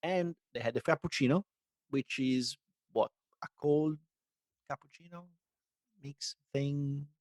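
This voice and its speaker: A man's voice: on the high side, unhurried, pauses often, darkish tone, dry recording, studio quality. A man co-hosting a casual talk show, musing aloud and hesitant, often restarting his sentences. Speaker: podcast co-host. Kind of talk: casual chat.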